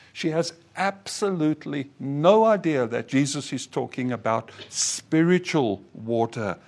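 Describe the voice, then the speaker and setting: Slow, earnest male preacher. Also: a little high. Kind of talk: sermon.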